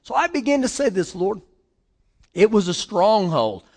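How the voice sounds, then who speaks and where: Man, pastor, high voice, emphatic sermon, repeats lines, reverberant hall. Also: sing-song, measured pace, darkish tone. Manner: emphatic preaching, repeating phrases and asking the congregation questions.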